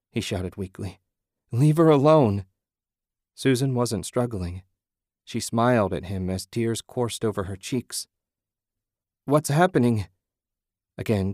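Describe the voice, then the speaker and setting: A man narrating a story as an audiobook in a measured, dramatic way. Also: fairly low pitch, a little mellow, no echo, studio quality.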